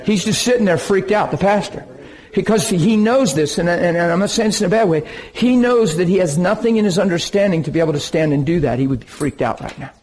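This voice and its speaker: A man preaching, telling a story from his ministry in an animated way with bursts of excitement. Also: sits high, quick pace, low-quality recording. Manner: animated, laughs and bursts into excitement while recounting. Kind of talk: sermon storytelling.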